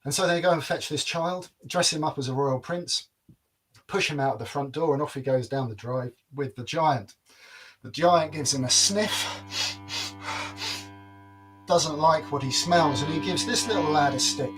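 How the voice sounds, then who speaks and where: A man's voice: on the high side, a little slow, pauses often, a bit bright, faint music behind. A man telling a folk tale aloud in a playful, wry, dramatic way. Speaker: storyteller. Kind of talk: oral folk-tale storytelling.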